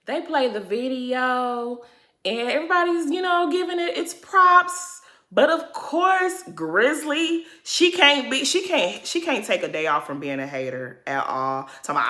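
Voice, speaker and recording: A woman's voice: very animated, measured pace, bright, forceful tone, reverberant. A woman giving a casual reality TV recap, sassy, blunt and profane. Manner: sassy, blunt and profane, mimics others in high exaggerated voices.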